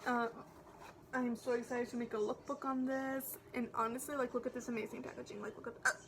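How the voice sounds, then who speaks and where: Excitable young woman gushing over makeup. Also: on the high side, a little fast, background noise. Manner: gushing, excitable, drops to whispers. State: has the hiccups. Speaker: beauty vlogger. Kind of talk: casual makeup vlog.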